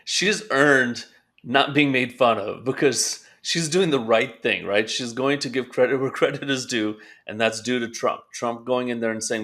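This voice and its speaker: A man with a medium-pitched, slightly bright voice speaks at normal speed. He co-hosts a political talk show, steadily laying out his views and posing rhetorical questions in a political commentary chat.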